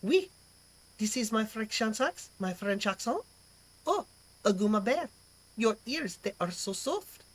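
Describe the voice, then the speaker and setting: A woman putting on an exaggerated, snooty French accent, speaking slowly and breathily. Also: mid-range voice, very animated. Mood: sultry.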